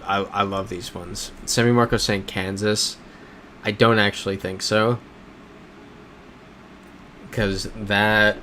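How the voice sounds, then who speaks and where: A man with a fairly low voice talks through a live game stream, chatty and thinking aloud as he reacts to his chat. A faint air-conditioning hum sits behind him. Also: fairly bright tone.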